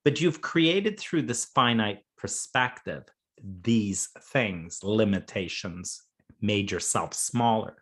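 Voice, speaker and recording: A man's voice: fairly low pitch, takes it slowly, a bit bright. A man, a coach and interview guest, talking through ideas in a playful, conversational way and laughing often. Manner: playful, laughs often, acts out little scenes.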